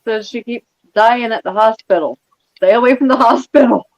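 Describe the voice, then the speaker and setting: A man's voice: very high voice, normal speed. A man in casual chat, opinionated and telling anecdotes, heard on a dull lo-fi recording. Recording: dull lo-fi sound.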